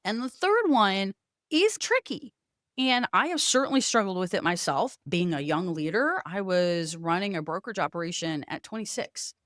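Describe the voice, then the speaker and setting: A woman's voice: mid-range voice, normal speed, dry recording, clean studio sound. A woman hosting a solo podcast, telling stories and acting out both sides of the conversations. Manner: animated storytelling, acts out both sides of conversations. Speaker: podcast host.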